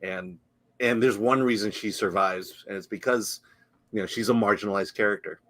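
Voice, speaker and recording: A man's voice: lowish voice, fairly even intonation, moderate pace, fairly bright tone. A man co-hosting a live film talk show, making wry remarks and murmuring agreement. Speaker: podcast co-host. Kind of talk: casual chat.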